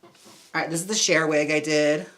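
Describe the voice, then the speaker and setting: A man streaming live as a drag performer and wig stylist, trying on wigs and chatting in a campy way with quick laughing asides. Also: a little high, fairly even intonation, a bit bright, faint music behind. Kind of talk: casual live-stream chat.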